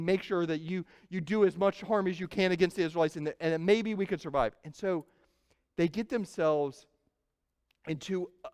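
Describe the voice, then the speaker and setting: A man preaching in a church, his voice high and smooth. He tells the story with animated energy and slips into the panicked voices of the crowds. The sanctuary carries a long reverb behind every word. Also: normal speed. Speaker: pastor. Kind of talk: sermon.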